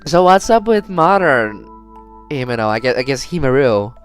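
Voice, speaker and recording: A woman's voice: a bass voice, sing-song, moderate pace, faint music behind. A young woman streaming a story game, reading the text aloud and reacting with swearing and laughter. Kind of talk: game playthrough commentary.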